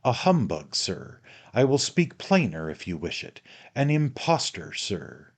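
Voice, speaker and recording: A man reading aloud and voicing a stern, dignified elderly gentleman who speaks emphatically and deliberately. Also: medium pitch, big pitch swings.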